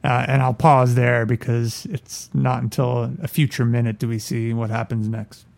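A man co-hosting a podcast in casual chat, playful and quick to laugh. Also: medium pitch, little pitch movement, creaky, darkish tone. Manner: playful, laughs often, reads passages aloud with put-on voices. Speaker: podcast co-host.

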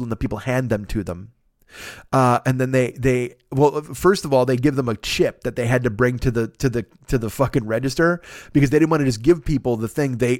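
A man telling a comic story in a podcast, animated and profane, acting out the people he quotes. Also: medium pitch, no room sound, studio quality. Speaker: podcast host.

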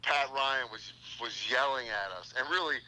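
A middle-aged man calling in to a casual chat, talking in a halting, rambling way with many restarts. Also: medium pitch, sharp tone. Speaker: guest on a phone call. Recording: tinny phone line.

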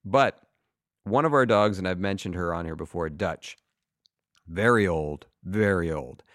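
A middle-aged man co-hosts a podcast, chatting casually and spinning a story full of wry, profane humor. His voice sits low and is a bit bright, and he speaks unhurriedly. The recording is dry and clean, with studio sound.

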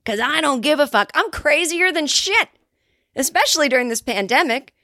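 A woman hosting a comedy podcast, ranting in a sarcastic, profane monologue and jumping into high mocking voices when quoting others. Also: animated, normal speed, pushed and bright, no echo, clean studio sound. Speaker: podcast host.

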